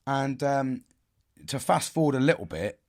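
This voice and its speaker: A man telling a story in a casual, animated way. He swears a lot and laughs at himself. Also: medium pitch, normal speed. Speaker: podcast host.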